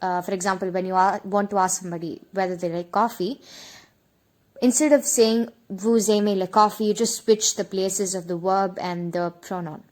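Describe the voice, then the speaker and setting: A woman hosting an online French lesson, explaining grammar step by step and repeating example phrases slowly. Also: fairly low pitch, fairly even intonation, a little mellow. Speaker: French teacher.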